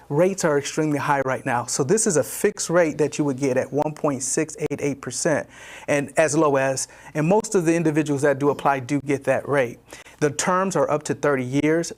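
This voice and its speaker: A man from a disaster loan agency giving an informational briefing, explaining points with frequent fillers and restarts and repeating what he wants to emphasize. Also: fairly high pitch.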